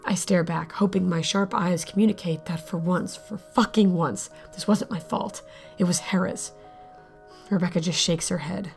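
A woman's voice: lowish voice, steady tone, normal speed, creaky, darkish tone, faint music behind. A woman narrating an audio drama in the first person, sardonic and blunt, swearing freely. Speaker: narrator and lead character.

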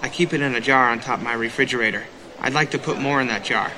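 An actor playing a man who talks in an earnest, rambling, deadpan way, in a film clip. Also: mid-range voice, fast, a little hiss or hum, low-quality recording. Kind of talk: film dialogue.

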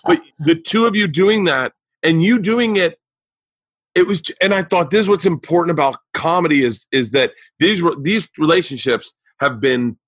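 A man's voice: on the high side, expressive, normal speed, a bit bright, husky, dry recording. A man hosting a podcast, chatting with a guest, enthusiastic and swearing, repeating himself as he talks. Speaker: podcast host. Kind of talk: casual interview chat.

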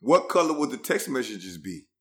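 A man's voice: mid-range voice, very animated, normal speed. A man on a podcast telling a story and joking around in casual chat.

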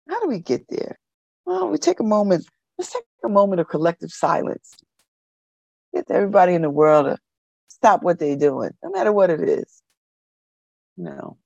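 A woman's voice: medium pitch, wildly swooping pitch, moderate pace, gravelly, pauses often, darkish tone, husky, dry recording. A woman hosting a community radio show, giving casual, slangy commentary that repeats phrases for emphasis and breaks into laughter.

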